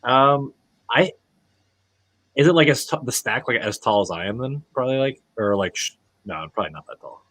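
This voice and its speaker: A man's voice: mid-range voice, expressive, moderate pace, bright, forceful tone. A man playing a tabletop game, talking hesitantly and a little self-amused. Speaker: player. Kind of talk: tabletop role-play.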